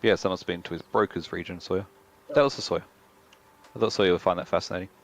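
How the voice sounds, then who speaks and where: A man's voice: deep voice, steady tone, quick pace, vocal fry, poor audio. A man streaming a game with friends, telling rambling, swear-filled stories in casual chat. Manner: rambling anecdotes, frequent swearing. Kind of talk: casual chat while gaming.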